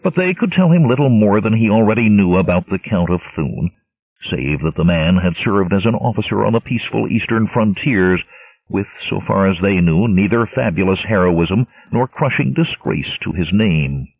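A male narrator reads a sword-and-sorcery novel with dramatic, expressive storytelling and a lively, swinging pitch. His voice is low, gravelly and husky. The recording is bone-dry and thin, squeezed into a narrow, phone-like band. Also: moderate pace, no room sound. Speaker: audiobook narrator. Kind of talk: scripted narration. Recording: tinny lo-fi narrowband audio, dry.

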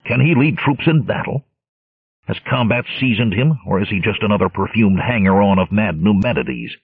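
A man's voice: fairly low pitch, animated, normal speed, slightly rough, dry recording. A man voicing a blunt, fierce barbarian warrior chief who growls his commands, in a storybook reading. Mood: demanding. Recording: tinny lo-fi narrowband audio.

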